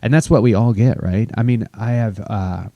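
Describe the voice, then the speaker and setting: Deep, gravelly podcast host. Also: male voice, normal speed, no echo, muffled recording. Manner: rambling, loose questions with fillers. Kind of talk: casual interview chat.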